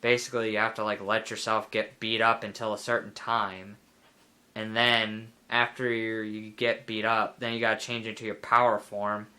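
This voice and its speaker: A man's voice: on the low side, flat delivery, moderate pace. A young man giving casual, rambling commentary over a video game, full of fillers and playful asides. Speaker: let's play gamer. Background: loud game music.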